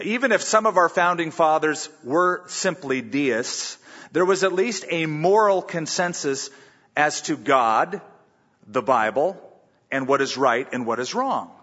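A man preaching a sermon in earnest, reading scripture aloud and slowing down for emphasis. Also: on the high side, bright, forceful tone, breathy edge, big-room sound, dull audio. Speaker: pastor.

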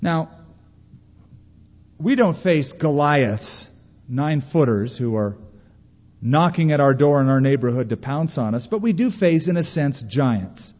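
A man preaching a sermon as pastor, emphatic and animated, acting out quoted lines. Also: unhurried, long pauses. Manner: emphatic preaching, voices quotes with raised pitch. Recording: dull sound in a long-reverb hall.

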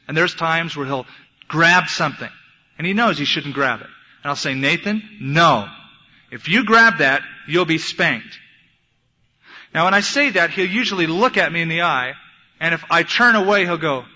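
A man's voice: on the high side, sharp tone. A young adult man preaching a sermon in an earnest, emphatic, storytelling way, in an echoey hall on a dull lo-fi recording. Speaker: pastor.

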